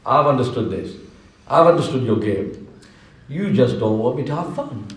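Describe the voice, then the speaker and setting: A man's voice: medium pitch, lively intonation, normal speed, lightly acted. A man voicing a cheeky young fish who talks in brash, mocking slang, recorded in an echoey mosque hall from some distance. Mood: cocky.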